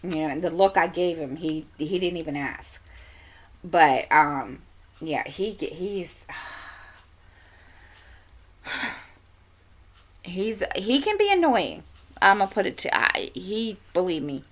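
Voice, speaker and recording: A woman's voice: lowish voice, animated, slow, pauses often. A middle-aged woman hosting a crafting channel, chatting casually at home into a desk microphone and telling a long, exasperated story full of asides. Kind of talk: casual chat.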